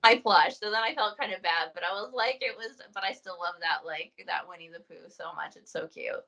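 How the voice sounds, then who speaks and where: A woman's voice: mid-range voice, fairly quick, creaky, pushed and bright, dull audio. A young woman hosting a casual chat, telling stories with quoted asides and easy laughs. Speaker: host.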